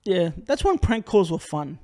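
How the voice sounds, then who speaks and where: A man's voice: sits high, big pitch swings, normal speed, darkish tone. A young man co-hosting a podcast, telling rambling stories in a casual chat and laughing as he goes. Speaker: podcast co-host.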